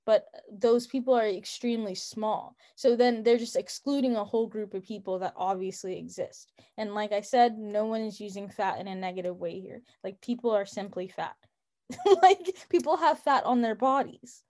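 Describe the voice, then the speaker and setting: A woman's voice: mid-range voice, moderate pace, dark tone. A young woman co-hosting a podcast, talking in a casual, opinionated and emphatic way with lots of "like" fillers. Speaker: podcast co-host.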